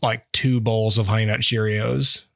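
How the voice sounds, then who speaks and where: A man's voice: on the low side, level tone, measured pace, vocal fry. A man co-hosting a podcast in casual chat, tired and rambling in a self-deprecating way. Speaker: podcast co-host.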